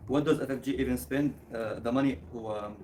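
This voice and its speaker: A man's voice: medium pitch, steady tone, brisk, darkish tone, slight background noise. A man co-hosting a casual livestream, speaking hesitantly with fillers and broken phrasing. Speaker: livestream co-host.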